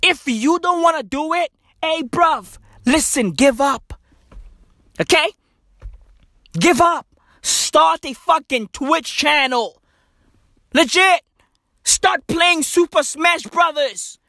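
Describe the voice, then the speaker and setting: A male comedian delivering a profane, slang-filled rant, jumping from loud outbursts to soft asides. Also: very high-pitched, slow pace, long pauses, no room sound, clean studio sound. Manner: animated, swearing heavily, slang-filled, jumps between loud and soft.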